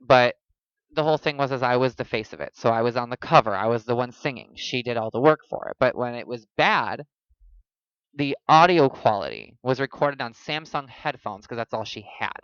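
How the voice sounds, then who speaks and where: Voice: mid-range voice, moderate pace, fairly bright tone, clean tone, no room sound, dull audio. A podcast host in casual chat, telling stories in a blunt, jokey, profane way.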